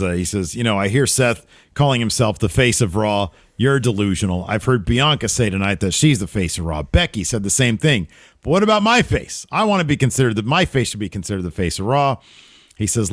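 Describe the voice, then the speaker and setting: A man co-hosting a casual wrestling recap show, jumping into lively voices when he quotes wrestlers. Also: on the low side, no echo, studio quality. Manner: animated when quoting, voice jumps up for quotes. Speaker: podcast co-host.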